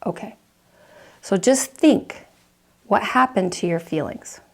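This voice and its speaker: A woman counselor teaching a lesson, telling a story vividly and acting out the reactions in quick asides. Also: medium pitch, lively intonation.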